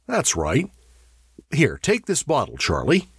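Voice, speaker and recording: A man's voice: mid-range voice, huge pitch swings, takes it slowly, husky, dry recording, clean studio sound, pitched above the performer's own voice, full character voice. A man voicing a nervous, kindly crewman who talks hesitantly and coaxingly. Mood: fretful.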